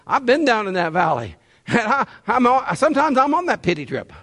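A man delivering a sermon in a high, animated voice that leaps all over its range. He talks to his congregation in a folksy, conversational way, then presses them with emphatic rhetorical questions. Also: fairly quick. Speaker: pastor.

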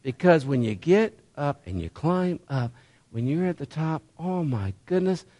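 A man delivering a sermon in a high, animated voice that leaps all over its range. He talks to his congregation in a folksy, conversational way, then presses them with emphatic rhetorical questions. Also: a little slow. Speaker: pastor.

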